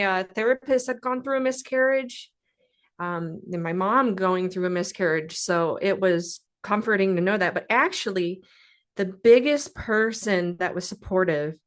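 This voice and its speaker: A young woman telling a personal story in a podcast interview, speaking haltingly and with feeling, with many pauses and fillers. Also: medium pitch. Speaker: guest sharing a personal story.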